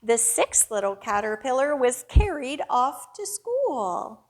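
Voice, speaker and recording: Female children's librarian, storytime host; unhurried, bouncy, high-ish, very expressive delivery. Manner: slow, sing-song, animated storyteller voice.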